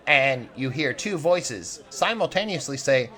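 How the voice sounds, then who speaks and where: A man narrating as game master in a relaxed, chatty way. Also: mid-range voice, normal speed.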